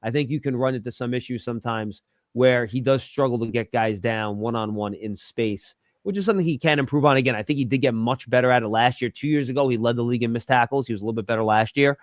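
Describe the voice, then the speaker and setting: A man appearing as a guest football analyst, answering in a measured, analytical way. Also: medium pitch, no room sound, studio quality. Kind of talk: interview answers.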